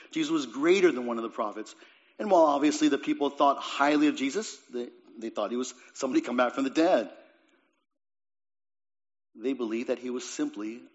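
A man preaching a sermon, rising to emphatic lines and then dropping to quiet ones, often repeating words as he goes. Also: mid-range voice. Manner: swings between raised emphatic lines and quiet, dropped phrases. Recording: dull lo-fi recording.

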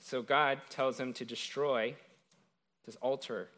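A man's voice: medium pitch, fairly even intonation, slow pace, fairly bright tone. A man preaching a sermon in a conversational way, retelling a scripture story and often checking in with "right?".

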